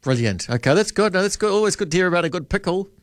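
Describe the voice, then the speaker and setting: A man's voice: high-pitched, animated, fast talker. A man with a New Zealand accent hosting a late-night radio talk show, chatting casually and quizzing his callers. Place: radio studio. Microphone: studio microphone.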